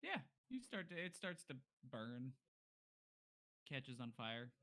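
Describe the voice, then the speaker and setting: A laid-back man running a tabletop game, describing scenes in a bright, forceful voice. His delivery is dry and unhurried. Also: mid-range voice, very animated, dry recording. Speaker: game master.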